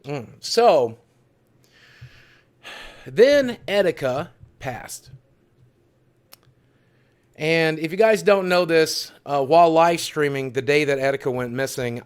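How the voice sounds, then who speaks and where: A man's voice: mid-range voice, slow pace, long pauses, clean tone. A man hosting a livestream from his studio, talking in an earnest, heartfelt, confessional way with emphatic repetition. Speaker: livestream host.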